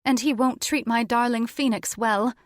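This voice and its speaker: A woman voicing a sultry, scheming female djinn who bargains haughtily, pitched well above her own voice. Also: steady tone, moderate pace, no room sound, clean studio sound, close to an everyday voice. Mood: haughty.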